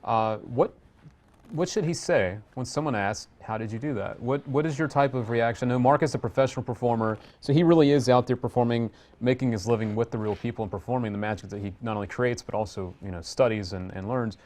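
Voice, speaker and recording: A man's voice: medium pitch, quick pace, a little mellow. A man hosting a live chat show, reading viewer questions aloud and prompting his guest. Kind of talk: casual live-stream chat.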